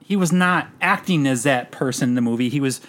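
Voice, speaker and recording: A man's voice: mid-range voice, brisk, a bit bright. A man co-hosting a casual podcast, joking loosely and laughing often between remarks. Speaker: podcast co-host. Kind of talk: casual chat.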